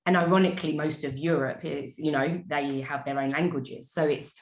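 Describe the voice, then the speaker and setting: A woman's voice: sits low, steady tone, normal speed, roomy sound. A woman hosting a casual chat, asking engaged questions about travel.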